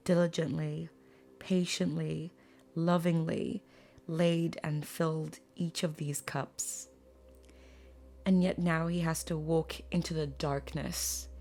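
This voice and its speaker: A woman in the middle of a tarot reading, talking straight to her viewers in a lowish voice. She speaks earnestly and gets emotional, trailing off and looking for the right words. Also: darkish tone. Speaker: tarot reader.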